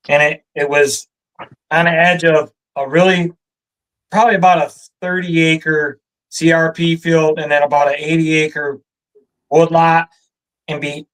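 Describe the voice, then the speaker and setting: A man with a Michigan accent telling a hunting story in a relaxed chat, animated and laughing often. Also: a little high, poor audio. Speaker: guest storyteller. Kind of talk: casual storytelling.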